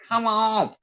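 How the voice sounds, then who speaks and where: A woman's voice: a little high, a bit bright, dry recording. A woman on a casual livestream, profane and exasperated, muttering to herself as she goes. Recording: dull lo-fi sound.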